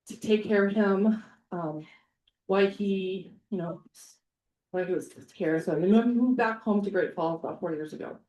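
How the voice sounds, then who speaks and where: A woman's voice: mid-range voice, a little mellow. Chatty woman candidate in an echoey hall. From Montana. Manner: chatty and informal, many ums. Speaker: candidate at a townhall. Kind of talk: casual campaign introduction. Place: public meeting hall.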